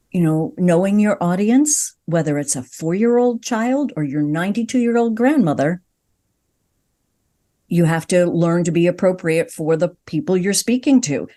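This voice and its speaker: Expressive older woman voice coach, mellow tone. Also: lowish voice. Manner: expressive, emphatic, teacherly. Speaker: broadcast voice coach and guest. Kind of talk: conversational podcast interview.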